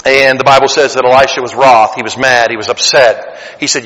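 Man, late 40s, pastor, sermon, bright voice, long church-hall reverb. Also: mid-range voice, fairly even intonation, brisk, few pauses. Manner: conversational preaching with rising, emphatic bursts. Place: church sanctuary.

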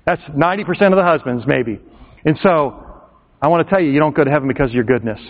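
A man preaching a sermon to a congregation, impassioned and swinging into shouted emphasis. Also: fairly high pitch, lively intonation, fast. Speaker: pastor. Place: church hall. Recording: tinny, echoey hall recording.

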